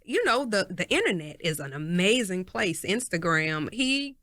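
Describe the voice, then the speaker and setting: A woman co-hosting a podcast, telling stories in animated casual chat and acting out what people said. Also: normal speed, dry recording, clean studio sound. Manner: animated storyteller, acts out voices with big pitch jumps. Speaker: podcast co-host.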